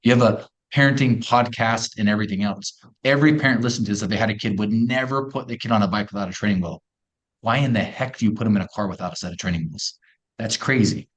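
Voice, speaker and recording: A middle-aged man with a low voice talks up his product as a podcast guest. His delivery is an energetic pitch with folksy turns of phrase. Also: quick pace. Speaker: company co-founder guest. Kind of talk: podcast interview.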